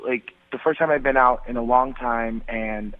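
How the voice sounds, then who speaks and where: A man's voice: medium pitch, fairly even intonation, normal speed. A man calling into a radio show, talking in a goofy cartoon voice over a phone line. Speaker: caller.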